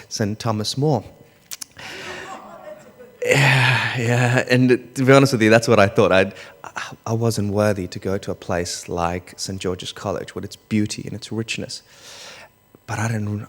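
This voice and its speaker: A young Australian man tells a story from the stage in a low voice, dropping to quiet asides and then rising into loud, lively bursts. His voice rings out with a long reverb from a large hall. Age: young adult. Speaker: public speaker. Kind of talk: storytelling talk.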